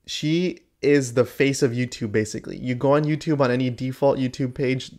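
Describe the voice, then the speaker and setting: A man's voice: medium pitch, moderate pace, darkish tone. A man ranting indignantly to the camera in a YouTube rant video, exasperated and emphatic.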